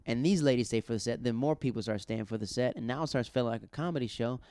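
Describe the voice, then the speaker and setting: Young male stand-up from the South, loose animated storyteller, clean voice, dry recording. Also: medium pitch, very fast, few pauses, smooth, no echo. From American South. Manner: loose, animated retelling with acted-out quotes. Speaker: stand-up comedian. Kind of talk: casual storytelling monologue.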